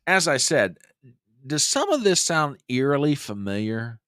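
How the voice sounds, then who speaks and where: A man's voice: mid-range voice, huge pitch swings, measured pace, a bit bright, dry recording, clean studio sound. An American man hosting a political commentary live stream, reading news aloud and reacting with indignation. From United States. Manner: indignant, reads news aloud and mocks quotes. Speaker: host.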